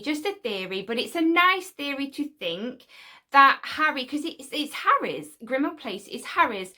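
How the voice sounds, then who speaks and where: Light and sharp in tone, this fan channel host speaks in a high, bright voice throughout her casual vlog. She keeps the conversation informal and occasionally veers into excited asides.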